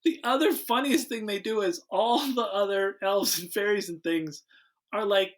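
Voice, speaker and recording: A man hosting a podcast, recapping a movie in a relaxed, wry way, often restarting his sentences. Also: high-pitched, normal speed. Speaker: podcast host. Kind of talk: casual comedic movie recap.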